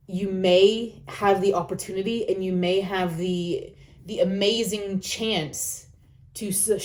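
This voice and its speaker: A woman's voice: lowish voice, darkish tone. Earnest woman giving heartfelt advice. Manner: earnest, encouraging, repeats phrases for emphasis. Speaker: vlogger. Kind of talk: reflective personal talk.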